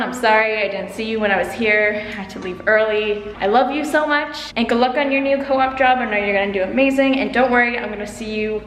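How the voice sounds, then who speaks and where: Giggly twenty-something girl vlogging to the camera, kinda high voice, lots of background noise. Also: fairly bright tone. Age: 20s. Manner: bubbly and giggly, talks to the camera. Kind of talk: casual vlog chat.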